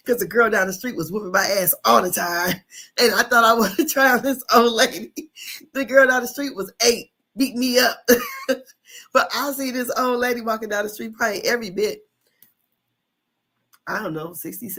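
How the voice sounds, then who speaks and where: A woman's voice: mid-range voice, a little fast, vocal fry, sharp tone. A woman in her fifties, a podcast host telling a childhood story in casual chat, laughing often and swearing freely.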